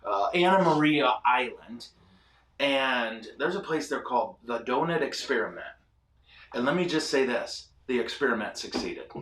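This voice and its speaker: A man hosting a casual ministry show, telling animated, self-deprecating stories with lots of fillers. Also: medium pitch, reverberant, distant mic. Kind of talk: casual storytelling chat. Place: ministry studio.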